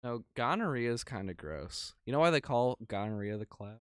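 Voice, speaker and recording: A man's voice: mid-range voice, lively intonation, moderate pace, smooth, dry recording, studio quality. A young man co-hosting a podcast in casual chat, rambling and crude, with lots of "like". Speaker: podcast co-host.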